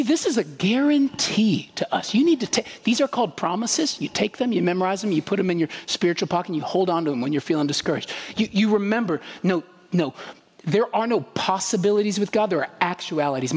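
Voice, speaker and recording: Male pastor, casual but emphatic sermon voice, a little husky, long church reverb. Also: high-pitched. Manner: conversational, emphatic, rhetorical questions.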